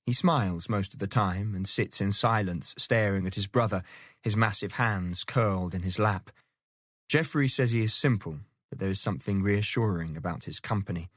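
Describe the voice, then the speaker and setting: A man reading a historical novel aloud as an audiobook narrator, steady and measured, raising his voice to speak the characters' lines. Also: no echo, clean studio sound. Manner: steady storytelling, lifts pitch for quoted characters. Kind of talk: scripted narration.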